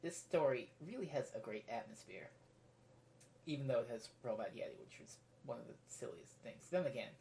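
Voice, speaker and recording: Very low-voiced woman reviewing, rambling. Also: lively intonation, a little fast, dark tone, slight background noise. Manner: rambling, goes off on tangents. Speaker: video reviewer. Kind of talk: casual solo review monologue.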